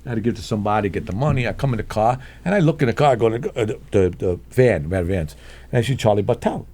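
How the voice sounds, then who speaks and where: Very fast and on the low side, an older man's voice carries his street anecdotes as a guest in a casual chat. He performs each person's voice with animation and keeps breaking into chuckles.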